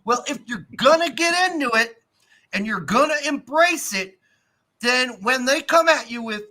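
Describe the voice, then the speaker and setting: Co-host, male, high and lively, bright tone, swears freely mid-rant. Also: a little slow. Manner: profane, animated ranting. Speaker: podcast co-host. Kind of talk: casual sports podcast banter.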